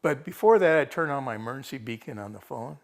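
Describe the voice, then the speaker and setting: A man with a gravelly, creaky voice tells a TV reporter how he was rescued after getting lost on a hike. He rambles casually, restarts sentences and quotes what he thought at the time, in a voice of middling pitch. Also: expressive, quick pace. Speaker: rescued hiker interviewed by a TV reporter. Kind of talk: casual first-person account.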